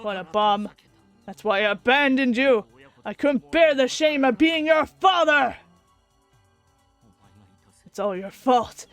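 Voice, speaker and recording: A woman's voice: high voice, slow, long pauses, faint music behind. A woman voicing a cruel, jealous middle-aged male scientist father while reading a visual novel aloud, in a bitter, contemptuous rant.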